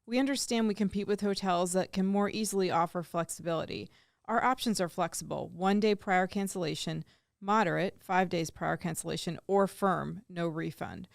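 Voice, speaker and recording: A woman's voice: on the low side, normal speed, creaky, no room sound. A woman co-hosting a radio show, reading listener letters aloud in an upbeat, amused way into a studio microphone. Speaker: radio co-host.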